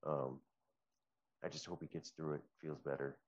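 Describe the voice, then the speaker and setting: A man's voice: a bass voice, little pitch movement, moderate pace, a little mellow. A man joining a podcast remotely as guest co-host, laid-back and joking in casual chat, with a dull lo-fi sound.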